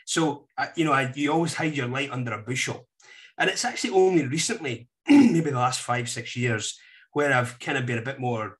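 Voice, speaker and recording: Scottish guest, forties, relaxed storyteller who pokes fun at himself. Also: male voice, mid-range voice, fast. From Scotland. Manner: self-deprecating, chatty storyteller. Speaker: podcast guest. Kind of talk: casual chat.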